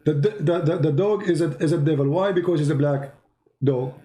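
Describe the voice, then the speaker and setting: A man leads a heated call-in debate, pressing his caller again and again. His voice sits a little high but sounds dark and mellow. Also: brisk. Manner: insistent, challenging, repeats phrases.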